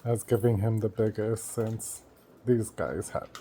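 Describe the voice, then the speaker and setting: A man's voice: lowish voice, fairly even intonation, a little slow, dark tone, a little hiss or hum. A man talking playfully and fondly to his pet dogs in a casual home video. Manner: playful, doting baby talk. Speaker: pet owner.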